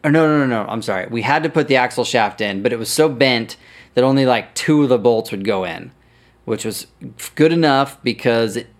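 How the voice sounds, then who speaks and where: A man's voice: mid-range voice, brisk. A man hosting a podcast, telling a story casually, swearing freely and correcting himself as he goes. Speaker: podcast host.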